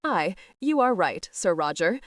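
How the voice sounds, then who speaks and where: A woman's voice: on the low side, sing-song, measured pace, fairly bright tone, no echo, clean studio sound. A woman voicing a clever young noble bride who speaks mildly but pointedly. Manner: mild yet pointed.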